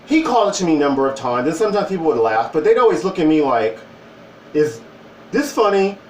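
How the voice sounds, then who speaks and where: Man, mid-forties, casual vlog storyteller, lively swooping pitch, recorded distant in an echoey room. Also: racing, slight background noise. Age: 40s. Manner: animated, wry storytelling with quoted voices. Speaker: vlogger. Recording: roomy, distant from the mic.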